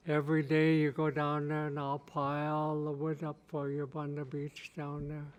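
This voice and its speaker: A man's voice: on the high side, completely flat delivery, moderate pace, clear, resonant tone, close to an everyday voice, poor audio. A man voicing an earnest young man from a canoe in a spoken folk tale.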